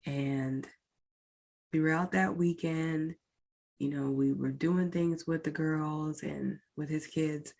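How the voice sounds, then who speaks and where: A woman's voice: low-pitched, fairly even intonation, slow pace, vocal fry, darkish tone. A woman podcast host recounting a painful personal experience in a candid, emotional way, speaking directly to her listeners. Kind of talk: personal storytelling.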